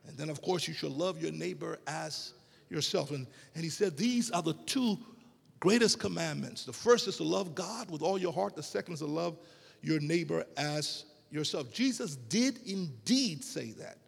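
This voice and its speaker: A man preaching a sermon to a congregation, with emphatic, drawn-out phrases and rhetorical questions. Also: fairly high pitch, lively intonation, vocal fry, slightly rough, big-room sound. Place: church sanctuary.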